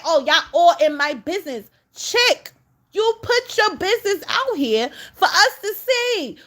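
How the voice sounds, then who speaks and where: A woman's voice: sits high, a bit bright. A woman giving casual reaction commentary, scolding and exasperated as she talks straight at the person she criticizes.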